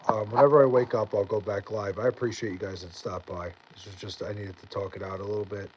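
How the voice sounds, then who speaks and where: A man's voice: lowish voice, steady tone, quick pace, slight background noise, low-quality recording. A man livestreaming late at night, chatting with viewers in a rambling, tired way full of fillers and restarts. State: tired, near bedtime. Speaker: livestreamer reading chat.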